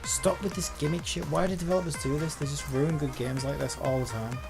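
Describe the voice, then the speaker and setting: A man's voice: on the high side, fairly even intonation, brisk, gravelly. A man streaming a game live, ranting furiously and swearing about a boss fight. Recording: game music playing behind.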